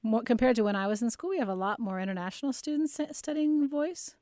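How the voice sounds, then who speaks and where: A woman's voice: on the high side, animated, racing, a little mellow, no echo. A woman who teaches singing and plays piano, explaining her views in a thoughtful conversational way. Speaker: voice teacher and pianist. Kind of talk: casual conversation.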